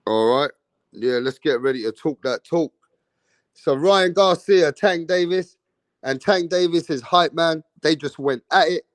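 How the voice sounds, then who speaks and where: A man's voice: on the high side, measured pace, no echo. Slangy man hosting a boxing stream. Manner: greets viewers by name with street slang. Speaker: boxing livestream host. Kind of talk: casual live stream chat.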